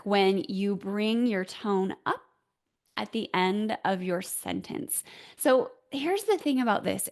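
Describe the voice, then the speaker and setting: A woman hosting a solo advice talk, coaching listeners on how they speak with clear, deliberate explanations and emphatic rises. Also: on the high side. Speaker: host, voice coach.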